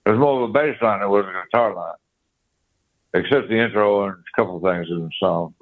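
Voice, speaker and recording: A man's voice: on the low side, fairly quick. An older man, a guest guitarist, telling rambling anecdotes in a casual interview and scatting riffs aloud. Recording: tinny phone line.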